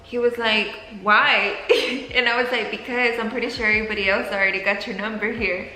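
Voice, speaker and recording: A young woman telling a story with her partner in a casual, animated way, laughing and acting out what was said. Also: a little high, quick pace. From Mexico. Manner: animated, laughing, acts out quotes. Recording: echoey room, faint music.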